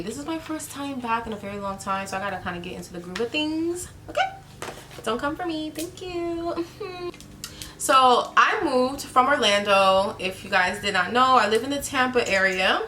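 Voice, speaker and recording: A woman's voice: mid-range voice, pushed and bright, a little hiss or hum. A woman chatting casually to camera while doing her makeup, playful and a little nervous. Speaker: beauty vlogger.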